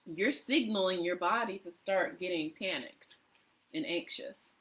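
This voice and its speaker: A woman's voice: on the low side, a little slow, a bit bright. Chatty woman voice coach. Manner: chatty, laughs often, acts out little voices. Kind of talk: casual live coaching talk. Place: live online video session.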